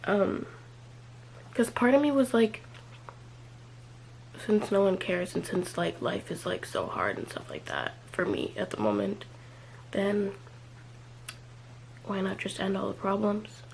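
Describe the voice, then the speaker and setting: A young woman talks through a personal confessional vlog, pausing often and stringing her thoughts together with "like". Her voice has a gravelly fry, and a faint hum sits under the recording. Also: medium pitch, very animated, darkish tone, rough recording. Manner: hesitant, filler-heavy, many "like"s and trailing off. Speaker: vlogger.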